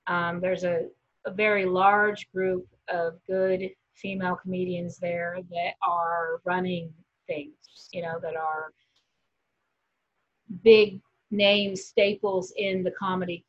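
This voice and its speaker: A woman's voice: fairly low pitch, little pitch movement, takes it slowly, highs cut off. A woman who organizes a comedy festival, talking earnestly in a casual interview with frequent ums.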